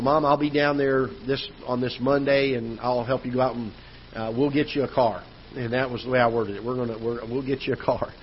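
A man's voice: mid-range voice, highs cut off, a little hiss or hum. A man preaching a sermon as pastor, telling a personal story in a conversational way with frequent restarts. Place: church auditorium.

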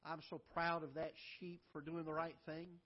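A man preaching a sermon as pastor, swinging from loud emphatic lines to soft low asides. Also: little pitch movement, a little slow, highs cut off. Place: church auditorium.

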